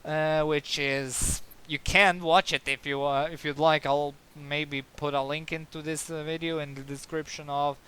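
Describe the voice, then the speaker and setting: A man's voice: on the high side, little pitch movement, unhurried, few pauses, bright, forceful tone, smooth. A man giving a casual card game review, sarcastic and exasperated, with many fillers and restarts.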